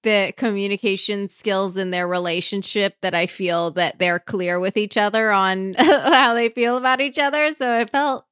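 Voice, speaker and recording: Bright, opinionated woman podcaster. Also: mid-range voice, fairly even intonation, smooth, no room sound, studio quality. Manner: opinionated, quick to add her own take. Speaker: podcast co-host. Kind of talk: casual chat.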